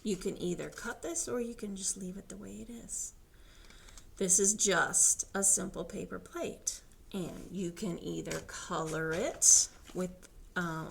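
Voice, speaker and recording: Animated woman reading to small children. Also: on the low side, vocal fry, noisy background. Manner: animated, sing-song read-aloud with animal noises. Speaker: children's librarian.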